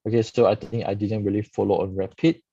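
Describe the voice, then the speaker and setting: A man with a lowish, mellow, husky voice reviews stock charts live as a market analyst host, explaining casually and tagging his talk with frequent "okay"s. His delivery is flat and quick with vocal fry. The recording is dry and dull lo-fi, with no room sound.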